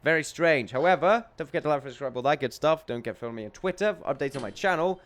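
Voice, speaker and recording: A man's voice: a little high, animated, very fast, a bit bright. A young English man commentating his video game play in a rambling, jokey way, chuckling often. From England. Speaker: let's play host.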